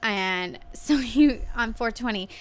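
A woman's voice: a little high, takes it slowly. A woman in her thirties, a podcast co-host, chatting casually and telling a story with lots of "like", acting out what people said and swearing now and then. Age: 30s. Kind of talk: casual chat.

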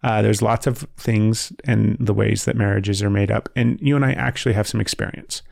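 A man's voice: fairly low pitch, steady tone, moderate pace, creaky, a little mellow, no echo, clean studio sound. A man in his forties co-hosting a podcast, chatting casually with a blunt, joking manner and casual swearing. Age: 40s. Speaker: podcast co-host. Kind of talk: casual chat.

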